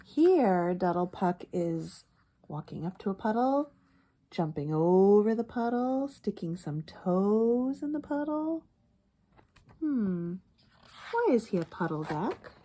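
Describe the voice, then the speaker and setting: A woman reads a children's picture book aloud in an animated, unhurried voice that swings widely in pitch. She stops often to point things out and ask the listener questions. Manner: animated, expressive reading. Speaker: storyteller reading a picture book.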